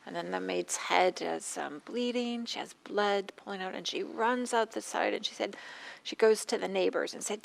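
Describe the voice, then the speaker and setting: A woman meditation teacher giving a dharma talk, speaking gently with pauses and a slightly scratchy throat. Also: mid-range voice, vocal fry. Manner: gentle, soft-spoken with frequent pauses and fillers.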